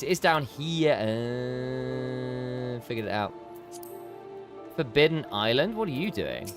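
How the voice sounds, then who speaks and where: A man's voice: medium pitch, lively intonation, slow pace, pauses often, soft background music. Man chatting while streaming a game. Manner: chatty, talks to viewers between game actions. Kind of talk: casual chat while gaming.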